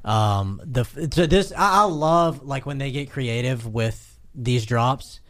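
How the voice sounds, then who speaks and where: Relaxed, enthusiastic man, dry close sound. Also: medium pitch, slow, dry recording. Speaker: podcast co-host. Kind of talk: casual chat.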